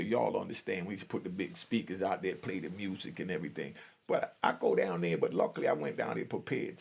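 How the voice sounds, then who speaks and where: Brief: streetwise vlogger, man in his fifties, husky and gravelly, blunt and preachy. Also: lowish voice, darkish tone. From Jamaica. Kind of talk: street commentary vlog. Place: outdoors on a street.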